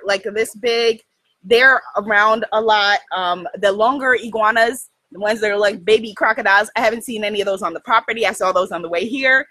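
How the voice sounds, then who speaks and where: A woman from New hosting a spiritual livestream, telling a story in an animated way, laughing often and talking straight to her viewers. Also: mid-range voice, no echo, poor audio. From United States. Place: outdoors in the jungle.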